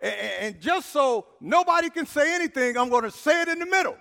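A man delivering a sermon, repeating phrases for emphasis, stammering with fillers and building to shouts. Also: very high-pitched, expressive, fairly quick, gravelly, few pauses, big-room sound. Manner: repetitive call-and-response preaching, rising to shouts; frequent stammers and filler sounds. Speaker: preacher.

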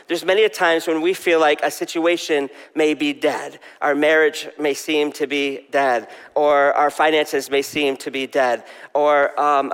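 A man's voice: on the high side, a bit bright, clear, resonant tone. Man preaching in a reverberant hall. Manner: conversational, questions the congregation. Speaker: pastor. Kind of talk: sermon.

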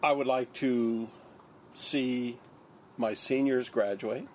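A man's voice: mid-range voice, steady tone, slow pace, slight background noise. An older man, a surgeon, recounting his story in an interview, acting out the lines of others. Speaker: interviewee, neurosurgeon.

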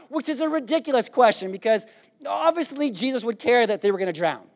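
High-pitched guy giving a sermon, super animated, jokey, does the disciples' voices. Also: brisk. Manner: animated storytelling, acts out disciples with a raised voice; playful, jokes with the congregation. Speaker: pastor.

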